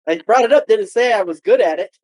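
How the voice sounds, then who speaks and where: Lively-pitched male podcast co-host. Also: quick pace, no echo. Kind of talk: casual chat.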